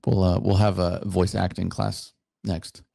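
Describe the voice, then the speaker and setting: A man's voice: deep voice, level tone, vocal fry, mellow, dry recording, studio quality. A man talking as a podcast guest in a jokey, playful, casual chat over a video call. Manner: jokey, playful, quick to laugh. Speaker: podcast guest, soldier and content creator.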